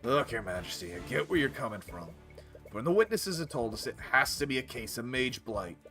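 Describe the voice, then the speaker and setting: A man voicing a blunt, weary knight commander in a game, a little lower than his own voice. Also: very animated, brisk, fairly bright tone, faint music behind. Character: gruff middle-aged male knight commander.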